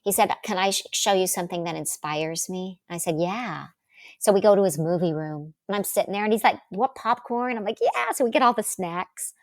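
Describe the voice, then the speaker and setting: Middle-aged woman guest, animated storyteller, big pitch leaps, dry close sound. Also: fairly quick, dry recording. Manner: lively, acts out quotes with big pitch jumps.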